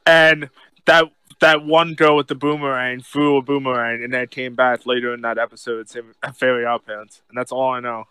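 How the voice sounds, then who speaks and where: A man chatting as a podcast co-host, rambling and self-mocking in a casual, animated way. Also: medium pitch, normal speed, smooth, no echo. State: deaf in left ear. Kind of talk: casual chat.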